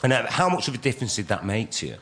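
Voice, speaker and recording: A man's voice: mid-range voice, very fast. A man hosting an interview, chatting and laughing as he tells stories. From North of England. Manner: lively, laughing, storytelling. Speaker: interviewer host. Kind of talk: casual interview chat. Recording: very noisy recording with clicks.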